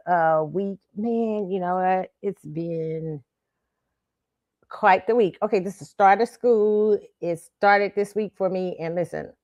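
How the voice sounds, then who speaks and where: A woman chatting casually as the host of her own show. She talks chattily and laughs often between phrases, and her voice sits at an ordinary middle pitch. The recording is dry and close, with no room sound. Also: no echo, highs cut off. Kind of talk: casual chat.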